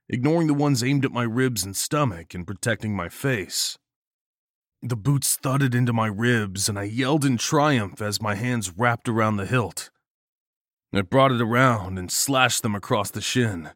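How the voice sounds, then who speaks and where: Man, horror story narrator, first person, dramatic, fairly low voice. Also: a bit bright, no room sound, studio quality. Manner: intense, dramatic reading.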